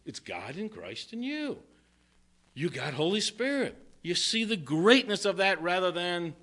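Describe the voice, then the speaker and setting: An older male pastor preaches with a bright, animated voice that swings widely in pitch. He reads scripture and breaks into jokes along the way. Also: measured pace. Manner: lively, joking preacher reading verses. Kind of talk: sermon.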